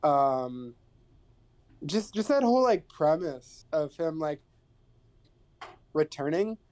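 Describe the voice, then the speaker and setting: Mellow-voiced man, hesitant podcast co-host. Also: on the high side, big pitch swings, takes it slowly. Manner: hesitant, many fillers, agreeable. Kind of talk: casual film discussion.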